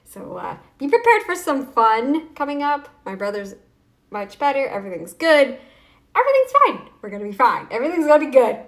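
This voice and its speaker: A woman's voice: on the high side, very animated, brisk. Snarky, rambling woman vlogger. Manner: snarky, taunting; rambling, with many restarts. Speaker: YouTube vlogger. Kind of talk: casual talking-head vlog.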